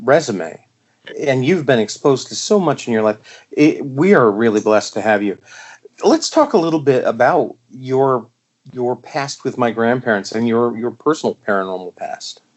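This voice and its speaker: Lively-voiced male podcast host. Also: medium pitch, a little slow. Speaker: interviewer, host. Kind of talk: podcast interview.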